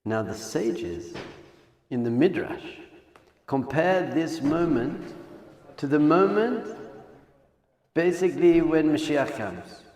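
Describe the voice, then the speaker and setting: A man, a rabbi, giving an animated Torah class, swinging between hushed lines and loud exclamations. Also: on the high side, slow, pauses often. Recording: echoey hall sound effect.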